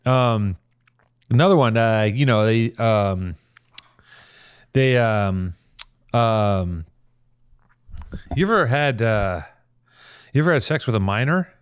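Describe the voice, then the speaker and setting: A man hosting a comedy podcast, rambling through jokes and stories with mock-hype shouts. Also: lowish voice, expressive, takes it slowly, pauses often, clear, resonant tone, no echo. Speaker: podcast host.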